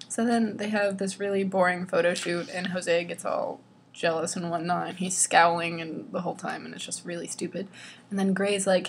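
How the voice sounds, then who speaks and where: A woman's voice: lowish voice, flat delivery, normal speed, slightly rough. Exasperated woman mocking a novel. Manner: exasperated, eye-rolling, drops into whispers. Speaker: vlogger reading a novel aloud. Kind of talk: sarcastic book commentary.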